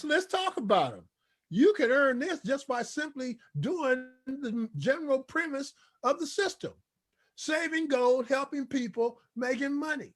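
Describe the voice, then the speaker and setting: A man giving an enthusiastic sales presentation, preaching with repeated hype and call-and-response asides. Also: sits high.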